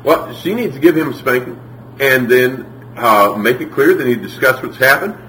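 A man preaching a sermon, telling lively stories and acting out the people in them. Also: medium pitch, moderate pace, slight background noise. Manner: animated storytelling, acts out quotes. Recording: echoey room, from far off.

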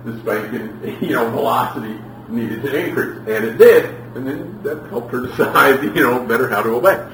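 A man's voice: mid-range voice, moderate pace, a little hiss or hum. Preacher man echoing from far off. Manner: animated storytelling, acts out quotes. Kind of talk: sermon. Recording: echoey room, from far off.

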